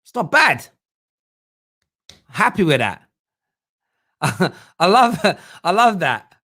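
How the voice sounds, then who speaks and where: A young man runs a relaxed football fan live stream, his voice pitched slightly high. He chats and jokes as he reads out viewers' comments. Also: slow pace. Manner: chatty, joking, reads viewer comments aloud. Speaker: fan channel host.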